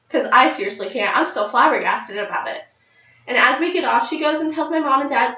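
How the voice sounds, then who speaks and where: Lively nineteen-year-old woman, distant echo. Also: fairly quick. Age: late teens. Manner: lively storytelling with high excited jumps. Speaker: speaker giving a personal speech. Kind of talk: personal story speech. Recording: dull, roomy sound from a distant mic.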